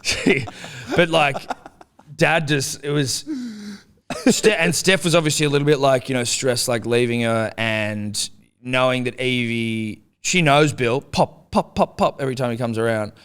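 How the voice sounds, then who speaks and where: Unhurried, clean-toned, and medium in pitch, a young adult podcast co-host chats casually. He swears a lot and brings his story to life by voicing the quotes.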